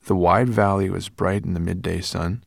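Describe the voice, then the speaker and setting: A man narrating an audiobook in an even, measured reading voice. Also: deep voice, gravelly, no echo, studio quality.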